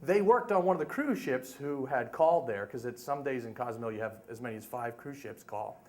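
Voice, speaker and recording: A man's voice: medium pitch, brisk. A middle-aged man telling a humorous story live at a story slam, with chatty asides to the listeners. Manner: animated, humorous, conversational asides.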